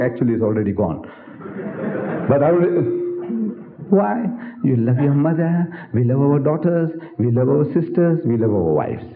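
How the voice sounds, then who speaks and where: A man's voice: mid-range voice, lively intonation, moderate pace, pauses often. Older man lecturing in an echoey hall. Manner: emphatic, theatrical, rhetorical questions to the audience. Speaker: Islamic lecturer. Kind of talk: public lecture. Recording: echoey hall, tinny old recording.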